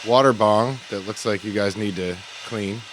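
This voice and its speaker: A man's voice: fairly low pitch, a little hiss or hum. A man hosting a casual podcast, joking around with his friends. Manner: joking, drawn-out announcer-style intro. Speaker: podcast host. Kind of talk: casual chat.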